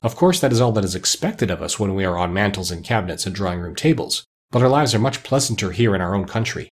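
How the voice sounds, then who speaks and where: A man's voice: fairly low pitch, expressive, fast, close to an everyday voice. A man voicing a timid, delicate young china princess in a storybook reading, prim and polite. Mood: wistful.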